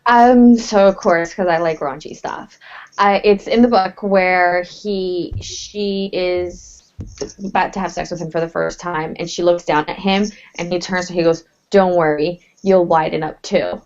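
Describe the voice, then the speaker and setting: A woman's voice: fairly low pitch, steady tone, a little slow, dull audio. A woman co-hosting a podcast, chatting in a playful, giggly way. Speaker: podcast co-host. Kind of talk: casual chat.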